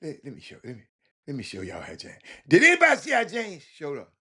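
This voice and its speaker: A man from Houston hosts a casual sports talk stream in a husky, slightly high voice, talking fast. Animated and quick to laugh, he keeps addressing his chat directly.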